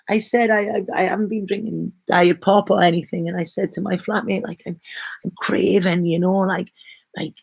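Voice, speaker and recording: A woman reading tarot cards for her vlog, talking in a soft, gentle, rambling way that often turns emotional. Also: lowish voice, steady tone, moderate pace, creaky, husky, no room sound. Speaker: tarot reader. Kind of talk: casual spiritual vlog chat. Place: at home in bed.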